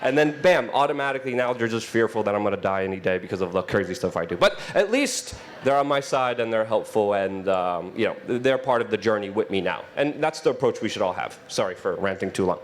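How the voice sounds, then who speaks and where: A man speaking on a conference panel as an independent journalist, animated and ranting, acting out quotes. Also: lowish voice, fast talker, few pauses, a little hiss or hum. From Poland. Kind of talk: energetic panel talk. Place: conference stage.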